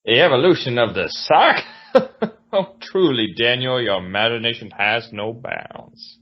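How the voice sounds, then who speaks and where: A man voicing a florid, pompous Southern gentleman with a put-on genteel drawl, reading in a grandiloquent theatrical way. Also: medium pitch, sing-song, a little slow, dull audio.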